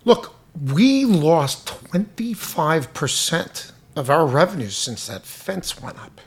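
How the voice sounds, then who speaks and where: Man, gravelly voice, high-pitched, angry profane rant, exasperated. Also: sing-song, takes it slowly. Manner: loud, profane, exasperated, mocking imitations. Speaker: restaurant owner venting.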